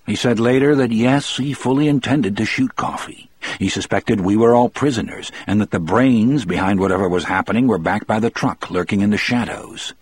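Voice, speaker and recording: A man narrating an audiobook in the first person, measured and reflective. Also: on the low side, darkish tone, husky.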